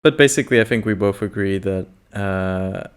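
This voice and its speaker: Low-voiced man hosting a podcast. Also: moderate pace, clear, resonant tone. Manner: brief backchannel replies, relaxed. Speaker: podcast host. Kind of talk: casual chat.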